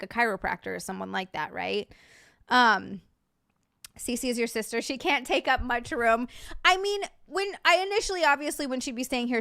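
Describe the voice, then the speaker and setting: A woman's voice: a little high, a bit bright, clean tone, no echo, studio quality. A young adult woman streamer chatting casually and answering her live chat, reading out viewers' messages as she talks.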